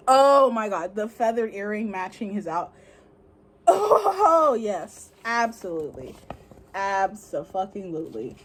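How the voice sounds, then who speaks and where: A young woman narrates an album unboxing, her high voice leaping all over the place. She squeals, gasps and gushes in excited fangirl bursts, with faint hiss under the audio. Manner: squealing, gasping, fangirl outbursts.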